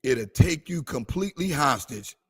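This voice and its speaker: A man's voice: mid-range voice, animated, moderate pace, slightly rough. A man preaching a sermon with passion, slipping into sung phrases. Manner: impassioned, call-and-response preaching with sung phrases. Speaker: pastor. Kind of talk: preaching to a livestream audience.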